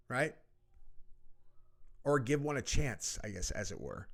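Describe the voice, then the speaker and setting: A man's voice: medium pitch, sing-song, a little slow, creaky, a bit bright. A man giving casual, sarcastic reaction commentary and mocking what he hears.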